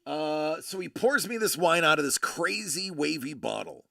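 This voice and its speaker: A man's voice: on the high side, expressive, normal speed, gravelly, sharp tone, no room sound, clean studio sound. A male host chatting casually and enthusiastically while showing a wine bottle, rambling with many fillers and restarts. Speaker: host of a collecting channel.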